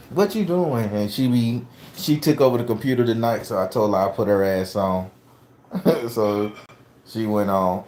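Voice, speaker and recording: A man's voice: on the low side, darkish tone. A blunt, profane middle-aged man talking casually to his viewers, laughing easily. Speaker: spiritual vlogger and father. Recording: echoey room.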